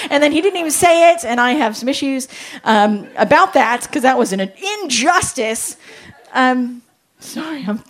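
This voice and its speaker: A woman and parent giving a lively Christian talk on parenting, joking and acting out little quoted voices. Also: high-pitched. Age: adult with children. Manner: animated, jokey, acts out quotes.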